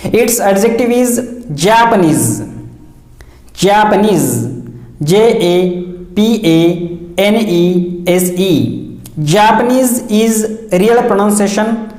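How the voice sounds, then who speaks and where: Slow, deliberate male pronunciation teacher. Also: sits high, a little mellow. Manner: deliberate, repeats and spells out words, contrasting right and wrong forms. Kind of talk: recorded pronunciation lesson. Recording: echoey room.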